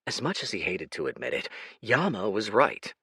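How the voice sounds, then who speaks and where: A man narrating a fast-paced action audiobook in a dramatic, animated reading style, close to the mic. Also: on the low side, creaky, husky, no room sound.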